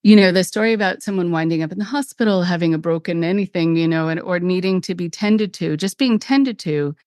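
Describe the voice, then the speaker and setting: A middle-aged woman hosting a podcast, telling a story from her therapy work with feeling, in quick bursts. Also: lowish voice, a little mellow, smooth, no room sound, studio quality. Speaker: podcast host and cult-recovery therapist.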